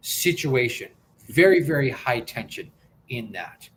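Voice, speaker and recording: An earnest male host telling a personal story at an ordinary, middle pitch. He circles back and repeats words as he builds up the tension, sounding sincere rather than polished. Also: very animated, measured pace, slight background noise. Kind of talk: personal storytelling on a talk stream.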